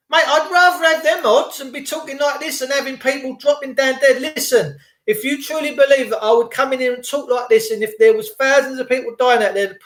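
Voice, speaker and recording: Animated man in an echoey room. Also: very high-pitched. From United Kingdom. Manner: animated, acts out others' voices, repeats points for emphasis. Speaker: vlogger. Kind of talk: casual monologue to viewers.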